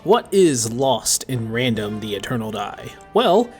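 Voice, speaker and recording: A man's voice: mid-range voice, sing-song, unhurried. A young man narrating a scripted gaming video essay in a chatty way, with self-deprecating asides. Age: young adult. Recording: faint music underneath.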